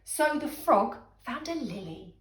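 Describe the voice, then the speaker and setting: Slow animated woman reading a bedtime story. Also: sits high. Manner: animated, dramatic storytelling with whispers. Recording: echoey room, faint music.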